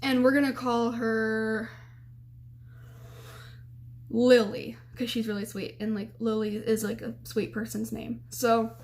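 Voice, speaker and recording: A young woman tells a story straight to camera, chatty and animated. Her voice sits a little high, and she keeps restarting sentences and filling gaps with "like" and "um". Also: takes it slowly, long pauses. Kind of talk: casual storytime vlog.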